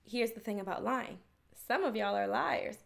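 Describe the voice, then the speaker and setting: A young woman vlogging in a candid, rambling way, full of "like" fillers and quick self-mocking laughs. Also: on the high side, gravelly. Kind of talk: casual confessional talk to camera.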